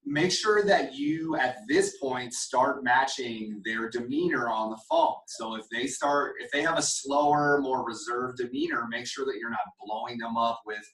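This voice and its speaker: A man's voice: medium pitch, a little slow, hardly any pauses, a bit bright. A man leads a casual sales meeting, coaching his team and acting out sample phone calls. He sits a little away from the mic, and the room gives his voice a noticeable echo. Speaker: sales trainer. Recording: echoey room, mic at a distance.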